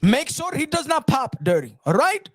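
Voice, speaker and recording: A man's voice: extremely high pitch, wildly swooping pitch, normal speed, no echo, clean studio sound, pitched below the performer's own voice, exaggerated voice. A man doing a comic impression of a scheming, bossy middle-aged boxing promoter who barks demands and repeats himself. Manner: demanding, repeats questions, bursts into shouts.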